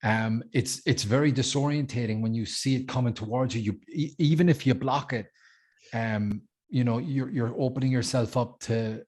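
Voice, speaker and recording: A man's voice: medium pitch, moderate pace, a little mellow. A man hosting a casual podcast chat, enthusiastic, swearing freely as he leads the rundown. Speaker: podcast host.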